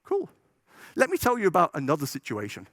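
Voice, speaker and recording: A man's voice: fairly high pitch, wildly swooping pitch, a little fast, fairly bright tone, dry recording, studio quality. Joking man giving a conference talk. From United Kingdom. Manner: chatty, joking, checks in with the audience. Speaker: conference speaker. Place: conference hall stage.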